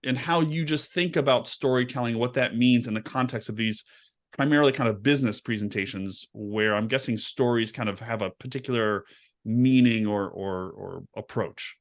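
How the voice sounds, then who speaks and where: A man's voice: medium pitch, normal speed. A man hosting a podcast interview, summing up points and asking questions with hesitant restarts. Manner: summarizing, frequent backchannels, hesitant restarts. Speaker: podcast host. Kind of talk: conversational interview.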